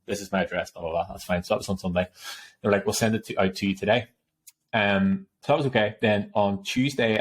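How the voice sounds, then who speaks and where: Fast-talking guy on a podcast. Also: fairly low pitch, slight background noise. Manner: animated storyteller, laughs often, swears casually. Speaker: podcast co-host. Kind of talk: casual chat.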